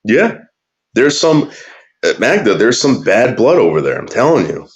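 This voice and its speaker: A man's voice: medium pitch, very animated, normal speed, highs cut off. A man ranting crudely and bitterly in casual talk, drawling some words and muttering others. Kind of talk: profane casual rant.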